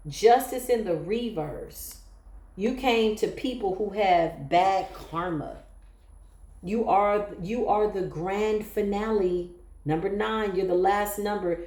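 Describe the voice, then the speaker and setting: Woman reading tarot, emotional and emphatic, mid pitch, roomy echo. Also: mellow. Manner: emphatic, emotional, exclaims often. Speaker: tarot reader.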